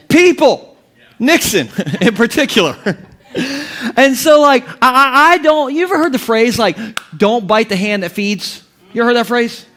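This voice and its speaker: A man in his thirties delivers a sermon full of jokes and funny stories. His voice sits unusually high for a man. He laughs often as he preaches from the pulpit. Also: a bit bright. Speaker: pastor. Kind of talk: humorous sermon.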